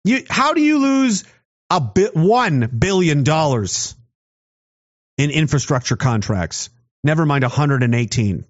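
A man's voice: on the high side, big pitch swings, measured pace. A man in a heated, profane, sarcastic political rant. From Canada. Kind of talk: angry political rant to camera. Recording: dull lo-fi audio.

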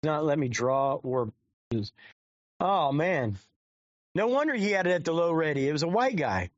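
A man with a slightly high voice rambles through profane live-stream commentary. The recording is dry and a bit dull, like a cheap mic in a dead room. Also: very animated, moderate pace, dry recording. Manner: crude, rambling, swears constantly.

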